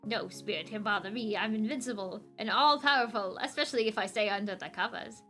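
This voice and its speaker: A woman's voice: medium pitch, brisk, fairly bright tone, faint music behind, lightly acted. Woman voicing a sneering villain Scrooge Robotnik. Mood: boastful. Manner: gloating, sneering delivery. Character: scheming villainous male robot-maker Scrooge. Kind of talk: comic read aloud with voices.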